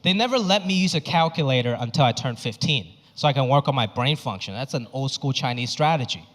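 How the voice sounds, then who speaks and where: A male stand-up comedian performing a set on a comedy club stage, animated and exaggerated, and he swears freely. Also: mid-range voice, fast. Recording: reverberant club with audience noise.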